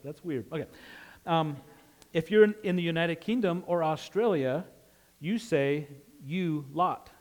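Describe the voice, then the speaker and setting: A man's voice: fairly high pitch, a little mellow. A man from Utah with a slight Western drawl, preaching a conversational sermon and often asking "right?". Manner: conversational, asks "right?" often, laughs easily.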